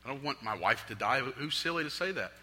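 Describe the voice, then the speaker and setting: A young adult man preaching a sermon from a stage, swinging between loud appeals and hushed, prayerful lines. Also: medium pitch, lively intonation, quick pace. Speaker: pastor. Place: stage in a large hall. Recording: long hall reverb.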